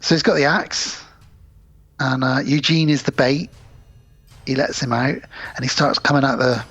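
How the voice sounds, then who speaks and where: A man's voice: mid-range voice, steady tone, normal speed, a bit bright, husky. A man co-hosting a podcast, retelling a film scene by scene in casual chat and acting out the characters' lines. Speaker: podcast co-host.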